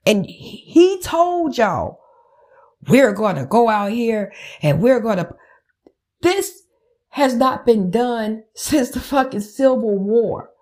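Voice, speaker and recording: A woman's voice: fairly high pitch, big pitch swings, slow pace, a little mellow. A woman podcast host, ranting in a heated, profane, emphatic way. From United States. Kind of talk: angry political rant.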